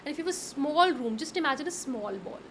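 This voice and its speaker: Indian lady coach, high voice, animated, explains and repeats herself, faint hiss behind. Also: fast talker. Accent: Indian English. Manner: animated, instructive, repeats words. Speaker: soft skills trainer. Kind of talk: conversational interview, Hinglish. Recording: faint background noise.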